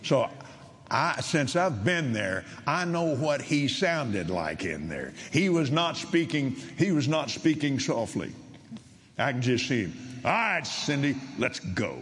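An older man preaching, telling a story in a halting way with repeated words, then rising to loud, emphatic preaching. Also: medium pitch, sing-song, breathy edge. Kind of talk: sermon storytelling.

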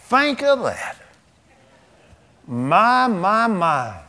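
A man in his seventies with a high, sharp-toned voice preaches folksily, his pitch swinging hugely and his words drawn out. He tells stories, chuckles, and drawls in plain colloquial speech.

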